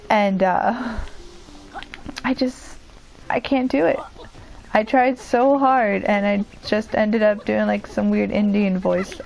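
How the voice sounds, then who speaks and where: This let's play commentator, a young woman, has a mid-range, darkish voice with vocal fry. She chats and rambles about her video game, joking at her own expense, in a rough recording.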